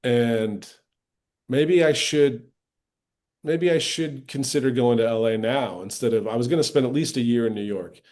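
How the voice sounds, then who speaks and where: A middle-aged man, an actor, talking candidly as a podcast guest and recounting past experiences. He acts out other people's lines with lively shifts in tone. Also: mid-range voice, moderate pace. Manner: animated retelling, acting out quoted voices with lively shifts. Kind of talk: candid storytelling in a casual interview.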